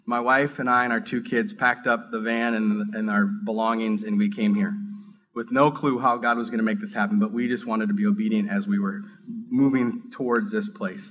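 A man's voice: lowish voice, narrow, tinny audio. Earnest middle-aged man giving testimony. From Minneapolis area. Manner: earnest, halting, with many restarts and rising excitement. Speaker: seminary student giving testimony. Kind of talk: personal testimony talk.

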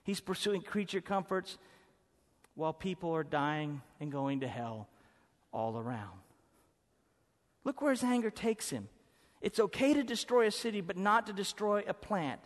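High-voiced man preaching in a hall. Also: lively intonation, measured pace. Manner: emphatic, shifting from loud to hushed. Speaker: pastor. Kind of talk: sermon. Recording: preaching in a hall with long reverb.

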